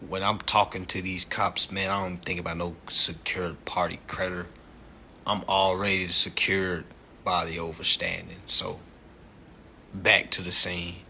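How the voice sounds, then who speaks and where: A man hosting a livestream in a blunt, animated, profane rant, talking into a phone. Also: low voice, unhurried, slight background noise. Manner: animated, blunt, heavy swearing, laughs at own stories. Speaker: social media livestream host.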